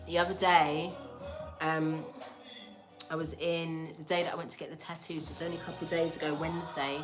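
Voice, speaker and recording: A woman tells a story in casual slang to her livestream audience and acts out each exchange. Her voice sits fairly low, and faint music plays underneath. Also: a little fast. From England. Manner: animated, slangy, acts out dialogue. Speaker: spiritual livestream host.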